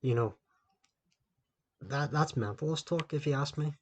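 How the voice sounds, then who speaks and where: A man's voice: a little high, unhurried. A man hosting a podcast on his own, talking into a laptop indoors in a rambling, loosely ranting way and swearing constantly. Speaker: podcast host. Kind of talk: solo podcast rant. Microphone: laptop microphone.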